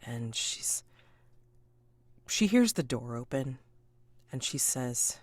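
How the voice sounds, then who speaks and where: Low-voiced woman running a tabletop game. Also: takes it slowly, pauses often, no room sound. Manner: relaxed, chatty, with frequent fillers. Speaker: game master.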